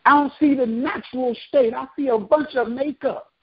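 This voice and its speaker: A man's voice: very high voice, steady tone, normal speed, husky, highs cut off. A man preaching from scripture, reading verses aloud and breaking into casual slangy commentary. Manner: reads verses then breaks into slangy asides. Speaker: street preacher.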